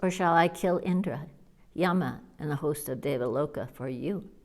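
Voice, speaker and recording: A woman reading the lines of an immense young male demon in a slow, grand manner, as an audiobook character voice. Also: low-pitched, a little mellow, lightly acted. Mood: boastful.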